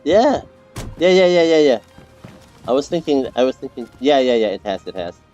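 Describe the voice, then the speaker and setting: A man's voice: mid-range voice, sing-song, normal speed, dark tone, muffled recording, soft background music. Rambling male streamer chatting while gaming. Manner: rambling, repeats words, many fillers and restarts. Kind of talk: casual gameplay chat with teammates.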